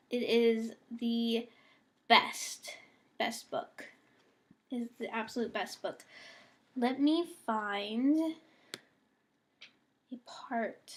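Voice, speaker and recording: A young woman from the United States in a casual, bubbly vlog, reading words for an accent challenge. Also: on the high side. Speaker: vlogger.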